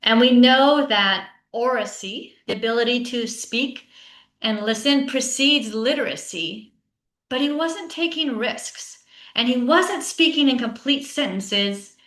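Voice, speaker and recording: A woman presents to teachers in an online session, speaking as a coach in an easy, conversational way. Her voice sits a little high and is bright and forceful. She often tags her points with a quick "right?" while the sound rings with a roomy echo. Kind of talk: conference talk to teachers.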